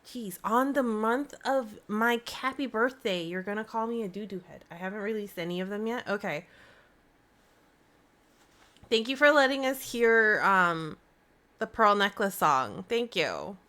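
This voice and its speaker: Woman live-streamer: casual, bubbly chatter, excitable, mid-range voice. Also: mid-range voice, unhurried. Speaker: livestream host.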